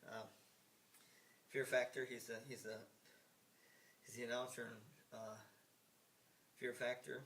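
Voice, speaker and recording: Older American man, mid-pitch, rambling and emphatic vlog monologue, recorded off-mic with hiss. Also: flat delivery, slow pace, long pauses, fairly bright tone. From United States. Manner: emphatic, repetitive, swears, frequent restarts and fillers. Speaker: vlogger. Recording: hissy, from some distance off the mic.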